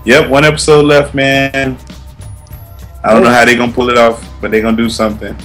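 A man's voice: mid-range voice, flat delivery, a little fast, a bit bright, soft background music. A man co-hosting a casual, profane podcast chat, laid-back and given to storytelling rants. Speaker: podcast co-host.

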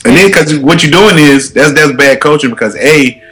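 A man's voice: fairly high pitch, moderate pace, fairly bright tone. A man who coaches youth football, talking in a laid-back, slangy way with lots of "you know what I'm saying.". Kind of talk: casual chat.

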